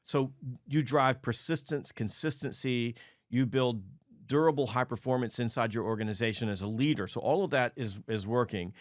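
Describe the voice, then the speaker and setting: A middle-aged man hosts a sales podcast at a mid pitch. He coaches emphatically and repeats key phrases to drive them home. His voice sounds dry and close to the mic. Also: moderate pace, no echo. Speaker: podcast host. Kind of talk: casual interview talk.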